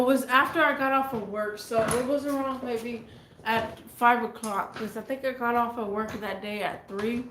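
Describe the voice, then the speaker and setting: High-pitched woman, casual rambling storytime vlogger; echoey room. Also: slight background noise. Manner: rambling, repeats herself, restarts.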